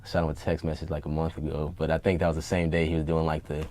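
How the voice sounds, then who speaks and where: A man being interviewed about his music, talking candidly and rambling, profane and quick to get worked up. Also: very deep voice. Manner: rambling, profane, gets heated and animated. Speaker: rapper and producer being interviewed. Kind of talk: candid casual interview talk. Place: home studio basement.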